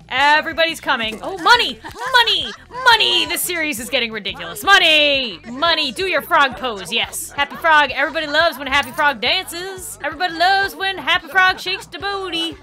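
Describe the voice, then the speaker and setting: A young woman playing a life-sim game and commenting casually, excitable and giggly, often shrieking and laughing. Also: a little high. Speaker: gaming YouTuber. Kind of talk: let's play commentary.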